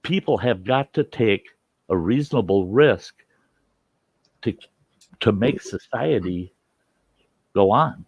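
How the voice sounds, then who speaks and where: A man's voice: fairly low pitch, expressive, slow pace, long pauses, slightly rough, no room sound, muffled recording. A man from the United States hosting a talk show, arguing insistently and repeating his points. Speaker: host. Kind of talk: heated casual debate.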